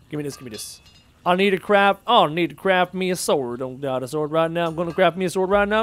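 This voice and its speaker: A gaming livestreamer with a high voice talks fast while he plays. He chats casually, cracks jokes, and reads viewer messages aloud in an animated manner.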